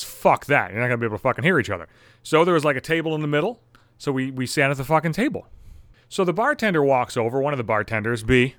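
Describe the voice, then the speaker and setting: A mid-range, slightly bright voice belongs to a thirty-something man spinning a comic story full of profanity, swearing constantly and ranting as he gets worked up. The audio is studio quality with no room sound.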